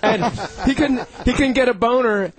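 A man's voice: extremely high pitch, moderate pace, over a noisy crowd. A man co-hosting a radio show, telling crude stories in casual banter and acting out what others said. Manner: animated storytelling, acts out quotes.

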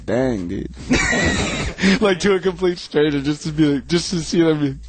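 A man with a high voice teases his co-hosts with crude jokes on a radio show. He laughs often and keeps the banter quick. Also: faint music behind, low-quality recording. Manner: joking, teasing, laughing.

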